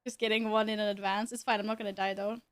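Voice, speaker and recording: A woman live streams while gaming, her mid-range voice quick, flat in delivery, and a bit bright. She chats playfully, greets viewers, teases and jokes with them, and laughs often. The sound is clean with no room noise.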